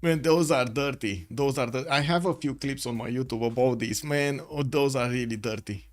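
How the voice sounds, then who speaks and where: A man's voice: mid-range voice, normal speed, faint music behind. Man casting a strategy game. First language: Romanian. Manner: chatty, thinks aloud with many fillers. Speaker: esports caster. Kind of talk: live game commentary. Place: home room with the window shut.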